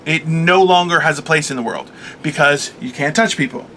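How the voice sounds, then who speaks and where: Man, comic co-host, high bright voice, swearing rant, faint hiss behind. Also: moderate pace. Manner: profane, animated storytelling rant. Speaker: podcast co-host, stand-up comic. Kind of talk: casual chat.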